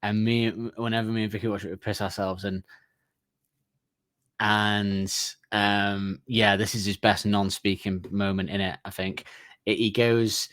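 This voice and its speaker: A man chatting on a podcast, his voice sitting a little low and sounding dry and close to the mic. He rambles through scenes he loves, restarting his sentences and laughing as he goes. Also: little pitch movement, a little slow, fairly bright tone, dry recording. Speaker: podcast co-host. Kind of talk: casual chat.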